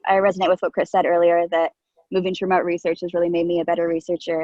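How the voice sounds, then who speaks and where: A woman's voice: lowish voice, a little mellow, no echo, highs cut off. A woman organizer giving brief, grateful closing remarks at an online meetup. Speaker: event organizer.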